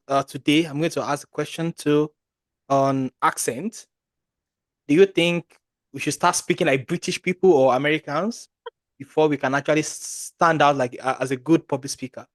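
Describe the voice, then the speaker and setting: A woman's voice: low-pitched, darkish tone, no room sound. A woman hosting a talk session, asking a question with some hesitation. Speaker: host.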